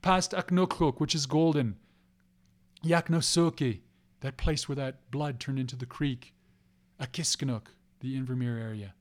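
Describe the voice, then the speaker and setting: Guy telling a legend out loud, kinda high voice, repeats stuff in a rhythm. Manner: rhythmic, repeats phrases and place names. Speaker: storyteller. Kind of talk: oral storytelling of a legend.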